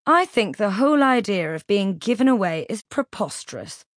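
A woman's voice: medium pitch, big pitch swings, moderate pace, no echo, clean studio sound, natural voice. A woman voicing a lazy, flamboyant theatrical man who speaks in a drawling, sardonic way. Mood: scornful. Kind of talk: audiobook character voice.

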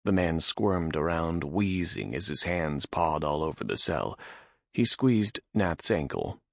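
A man narrating a fantasy audiobook with lively storytelling delivery. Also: extremely low pitch, slow pace, vocal fry, no room sound, studio quality.

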